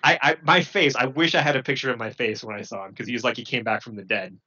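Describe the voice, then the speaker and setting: A man casually recounting a story in halting bursts, full of fillers and restarts. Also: medium pitch, fairly even intonation, sharp tone, slightly rough, lo-fi sound. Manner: halting, filler-heavy, self-correcting. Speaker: former Marine recruit.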